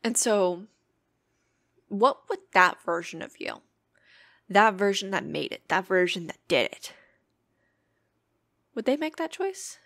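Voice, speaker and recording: An earnest young woman talks through her thoughts on her own podcast. She sounds reflective and unhurried, with a loose conversational flow full of little fillers. Her pitch sits in an ordinary middle range. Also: lively intonation, vocal fry, a bit bright. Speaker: podcast host. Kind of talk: casual solo podcast talk.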